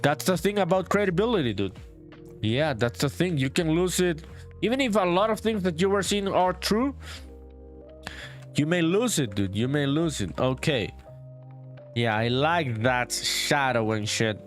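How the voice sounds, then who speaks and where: Young male indie dev on a live stream; relaxed, profane chat with viewers, voice a touch high, quiet music bed. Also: normal speed. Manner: profane, laid-back, reads chat aloud while working; calls viewers "dude". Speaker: solo indie game developer streaming live.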